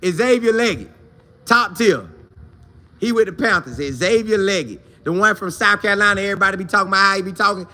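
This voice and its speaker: With a high voice and a slightly fast pace, this male sports talk show host responds to viewer comments casually. His delivery is animated, slangy, and repetitive.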